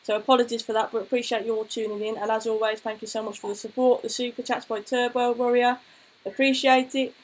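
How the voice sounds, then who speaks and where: Her voice runs a little high with a flat delivery and fast pace, and the audio is poor. As co-host of a casual football chat stream, she chats, thanks viewers, and tells anecdotes.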